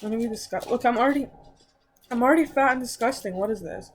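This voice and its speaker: A woman's voice: on the high side, fast talker, slight background noise. A young woman chatting casually at home while she eats on camera, rambling and mocking herself. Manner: rambling, self-mocking, talks while eating. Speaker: mukbang vlogger. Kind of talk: casual eating-show chat.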